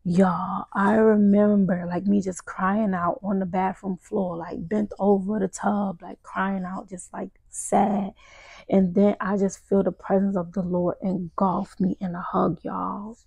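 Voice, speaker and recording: A woman's voice: mid-range voice, level tone, measured pace, creaky, hardly any pauses, mellow, husky, dry recording, dull audio. A young woman hosting a podcast, telling a personal story in casual talk, acting out her own quotes and saying "y'all" often. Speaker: podcast host. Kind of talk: casual testimony to listeners.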